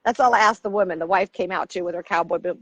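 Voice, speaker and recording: A woman's voice: on the low side, fast talker, no room sound. A middle-aged woman from the United States, a coach, telling stories in a casual interview and acting out the people she quotes. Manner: animated storyteller, acts out quotes. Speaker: podcast guest, coach.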